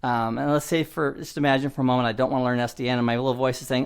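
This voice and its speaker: A man in his fifties giving a motivational IT training lesson in an animated, conversational way, often laughing at himself. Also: medium pitch, rapid-fire, clear, resonant tone. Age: 50s. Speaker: IT instructor.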